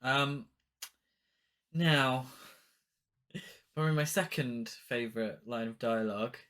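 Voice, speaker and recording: A man on a podcast talks through a film's plot in a loose, joking way. His voice is bright and forward, and he drops in swear words and dry asides at an even, middle pitch. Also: takes it slowly. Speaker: podcast co-host. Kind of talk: casual film review chat.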